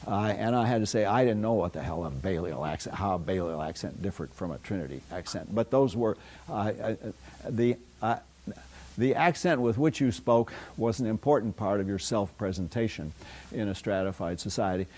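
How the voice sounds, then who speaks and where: A man's voice: fairly low pitch, normal speed, darkish tone. An older American man giving a university philosophy lecture, rambling through anecdotes with frequent fillers and restarts. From United States. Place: lecture hall.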